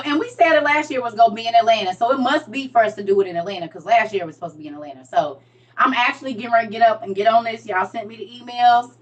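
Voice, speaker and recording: A woman talking casually and playfully to her viewers, laughing often and letting lines trail off quietly. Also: a little high, far from the mic, highs cut off. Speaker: vlogger.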